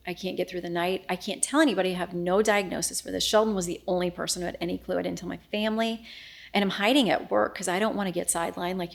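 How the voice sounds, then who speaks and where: A middle-aged woman with a low-set voice and a gravelly edge, speaking as a guest in an interview. She tells a personal story candidly and earnestly. She slips into quoted dialogue as she goes. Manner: earnest, frank, quoting herself and others in dialogue.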